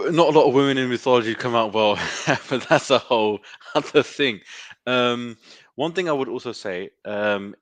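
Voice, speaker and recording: A man's voice: mid-range voice, no room sound. A man hosting an interview, speaking thoughtfully with hesitant fillers. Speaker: host. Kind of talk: conversational interview.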